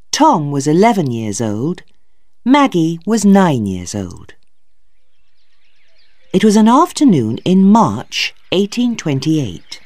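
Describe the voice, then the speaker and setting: A storybook narrator reads slowly and deliberately for English learners. The pitch stays lively and expressive, and the dry, close recording keeps every word clear. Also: no echo. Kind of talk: slow graded-reader narration for English learners.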